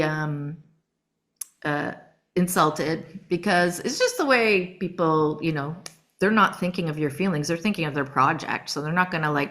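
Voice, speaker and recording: A middle-aged woman from Canada, a voice actress telling stories in a casual interview, lively and quick to giggle. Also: low-pitched. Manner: lively, acts out quoted voices, giggles often. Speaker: guest voice actress.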